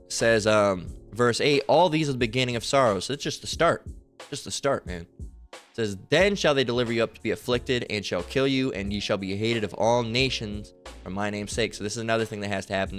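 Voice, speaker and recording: A man's voice: medium pitch, a bit bright. Male online Bible teacher; casual, profane, heated street-style delivery; faint background music. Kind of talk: informal scripture commentary.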